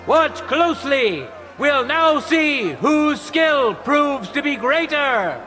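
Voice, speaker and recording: A booming tournament herald. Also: male voice, big pitch swings, sharp tone, soft background music, full character voice. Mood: proclaiming. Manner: proclaiming, drawn-out announcer delivery. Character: loud male tournament herald announcing duels.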